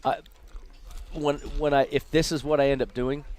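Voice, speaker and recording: A man's voice: medium pitch, normal speed. Storytelling man from Las Vegas. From Las Vegas, USA. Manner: lively anecdotes, acts out quoted people. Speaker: guest. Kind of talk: casual storytelling over dinner. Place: restaurant inside a casino.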